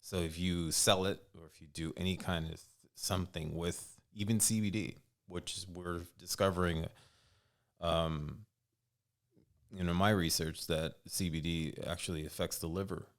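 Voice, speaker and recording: Deep-voiced man, earnest and insistent. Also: fairly even intonation, normal speed. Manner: earnest, insistent, lectures on spiritual dangers. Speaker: podcast guest. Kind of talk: casual debate.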